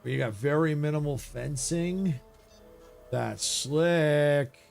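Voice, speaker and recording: A man giving live gameplay commentary in a gravelly, slightly raised voice. He thinks aloud casually and gets excited about what he sees, with faint game music underneath. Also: on the high side, slow pace. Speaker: video game streamer.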